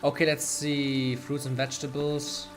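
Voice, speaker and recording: A man's voice: mid-range voice, completely flat delivery, measured pace, soft background music. German-accented man streaming a game. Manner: chatty, laughs often, thinks aloud. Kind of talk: casual gameplay commentary.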